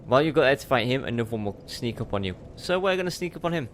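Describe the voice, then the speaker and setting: A man's voice: mid-range voice, animated, racing, slight background noise. Chatty man narrating his gameplay. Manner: chatty, self-mocking, talks to the game. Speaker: let's play host. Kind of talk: gameplay commentary.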